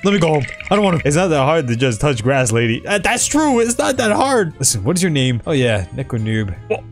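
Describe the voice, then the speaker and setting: A man doing excitable, chatty commentary on the games he plays as a gaming YouTuber. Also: on the high side, a little fast, soft background music. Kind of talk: gameplay commentary.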